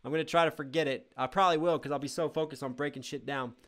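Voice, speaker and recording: Excitable young man reacting live. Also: on the high side, fast. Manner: excitable, breaks into shouts and explains rhyme schemes. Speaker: music reaction streamer. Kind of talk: live reaction stream, reading chat.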